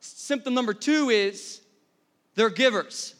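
A pastor in his thirties preaching a sermon to a congregation, energetic and conversational, asking the room questions. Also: high voice, fairly quick. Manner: energetic, conversational, many restarts and audience questions. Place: church hall before a congregation.

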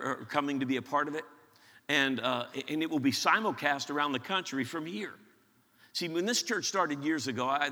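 A bright, forceful male pastor with a faint western Pennsylvania accent, voice a little higher than most men's. He speaks with excited energy, often repeating words as he presses on. His voice rings out through a large church auditorium with a long reverb. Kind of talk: sermon announcements.

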